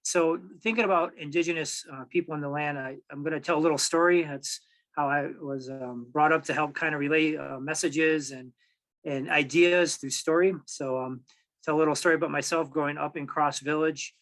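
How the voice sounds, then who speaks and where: A man in his forties from Michigan, telling a personal story at a public talk in an easy, halting way with many pauses and restarts. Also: on the high side, steady tone, fairly bright tone, rough recording. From Michigan, USA. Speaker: tribal archives director, speaker.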